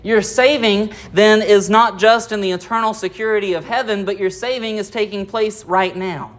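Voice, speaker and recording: Pastor, mid-pitched voice, teaching sermon, reads verses and unpacks them with rhetorical questions. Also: steady tone, moderate pace, fairly bright tone. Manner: explanatory, asks rhetorical questions; reads scripture aloud and comments verse by verse. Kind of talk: expository sermon.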